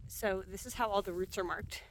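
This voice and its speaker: A woman's voice: mid-range voice, a little fast. Woman narrating her own ski trip to camera, casual and chatty with frequent laughs, winded, faint outdoor wind noise behind her. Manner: chatty and upbeat, laughing often, many fillers. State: out of breath from skiing. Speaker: solo backcountry skier filming herself. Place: outdoors on a snowy mountain trail.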